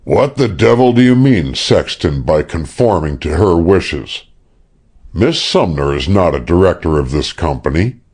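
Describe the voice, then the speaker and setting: A man's voice: low-pitched, sing-song, moderate pace, a little mellow, breathy edge, exaggerated voice. A man doing a harsh, angry older man.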